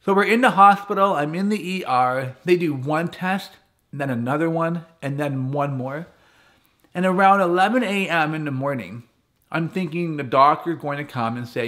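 A man with a fairly high voice tells a personal story to a camp crowd as a guest speaker. He keeps it conversational and playful, leaning on humor as he goes. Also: moderate pace, fairly bright tone. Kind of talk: personal storytelling talk to campers.

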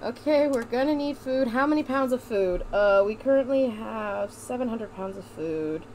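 A young woman plays a game with a partner, her voice high and light. She jokes constantly, laughs a lot and leans into a mock folksy drawl. A faint hiss sits under the recording. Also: lively intonation, moderate pace, darkish tone. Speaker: gamer playing with a partner. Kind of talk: playful let's-play banter in a put-on accent.

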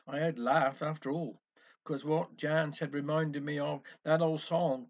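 A man's voice: fairly high pitch, a little slow. A man telling a dialect story in a chatty, folksy way full of old sayings. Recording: dull lo-fi recording.

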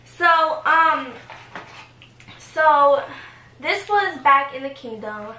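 A woman's voice: high-pitched, animated, drawn-out words, sharp tone. A young woman vlogger telling a story in a casual, rambling way, giggling and using fillers. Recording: echoey room, camera at a distance, faint noise.

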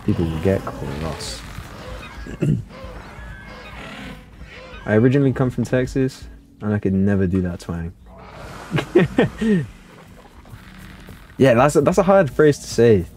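A man's voice: mid-range voice, big pitch swings, measured pace, pauses often, darkish tone, soft background music. Playful man streaming a game. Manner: playful, chatty, answers viewer chat aloud. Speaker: gaming livestreamer. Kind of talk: casual livestream commentary.

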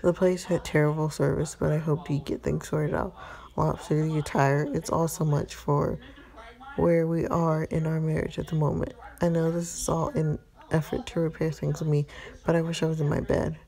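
A woman reading an interactive story game aloud in a steady, low-key way. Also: normal speed, vocal fry.

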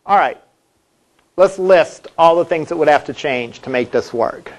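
A man's voice: fairly high pitch, expressive, unhurried. A male college instructor giving a classroom lecture in a conversational way, asking the class questions as he goes.

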